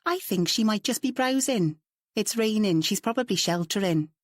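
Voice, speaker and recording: In a storybook reading, a woman voices a kind, wry female friend who talks in a dry, matter-of-fact way. She pitches it at a medium level, above her own voice yet close to an everyday voice, with lively intonation at a moderate pace, in a dry recording.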